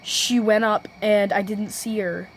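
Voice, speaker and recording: A teenage girl telling a storytime vlog, rambling and restarting sentences, often saying "low-key.". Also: steady tone, a little slow, a little hiss or hum, rough recording. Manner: self-correcting, restarts sentences. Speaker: vlogger.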